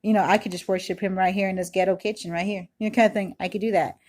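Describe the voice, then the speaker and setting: A woman's voice: medium pitch, steady tone, racing, a little mellow. Earnest rambling woman sharing her testimony. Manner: earnest and rambling, full of "you know" and "like". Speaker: churchgoer giving a personal testimony. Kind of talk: casual spoken testimony. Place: home kitchen. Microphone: self-recorded video, close mic.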